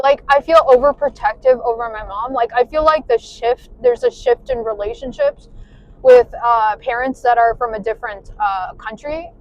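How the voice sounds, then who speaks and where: A young woman vents from behind the wheel of her car, her voice sitting a little high. She talks frankly, swears freely and fills her sentences with "like". Road noise runs underneath her talk. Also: low-quality recording. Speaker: vlogger. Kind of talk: casual venting while driving. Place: inside a car.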